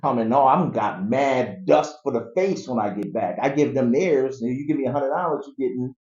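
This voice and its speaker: Animated man telling a street story. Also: medium pitch, normal speed. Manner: animated, acts out voices of people in the story. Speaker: guest telling his life story. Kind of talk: casual storytelling interview. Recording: echoey, dull room recording.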